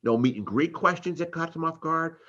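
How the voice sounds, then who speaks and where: A man's voice: fairly high pitch, lively intonation, brisk, a bit bright, lo-fi sound. A man teaching car sales in a live training talk, acting out exchanges between customers and salespeople.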